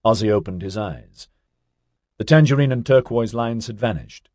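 A man narrating a novel in a steady, wry storytelling manner. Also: fairly low pitch, normal speed, no echo, clean studio sound. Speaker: audiobook narrator. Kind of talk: scripted narration.

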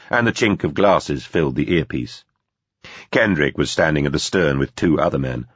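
Very deep, husky male narrator. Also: no room sound. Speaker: audiobook narrator. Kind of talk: scripted narration. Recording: dull, dry.

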